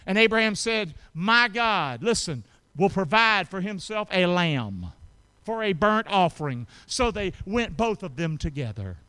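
A man preaching a sermon, calling out to the congregation for responses and swinging between loud emphasis and quiet asides. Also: sits high, clear, resonant tone. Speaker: pastor.

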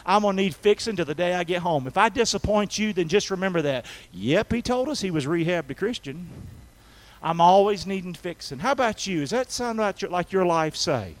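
A man preaching a folksy sermon, calling for responses and swinging from soft talk to shouting. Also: sits high, lively intonation, brisk, poor audio. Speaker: pastor. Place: church sanctuary.

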